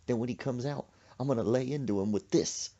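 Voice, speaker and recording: A man voicing a fiery old grandmother who wails high and scolds in a thick dialect. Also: a little fast, mellow, highs cut off, natural voice. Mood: scheming.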